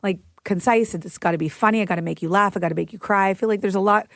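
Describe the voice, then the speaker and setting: A woman in her thirties with a faint rasp, talking casually as a podcast co-host. Her voice is still mending after being lost, and she pokes fun at herself as she chats. The studio sound is dry and close. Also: medium pitch, quick pace, no echo. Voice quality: slightly raspy voice. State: recovering from voice loss. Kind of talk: casual chat.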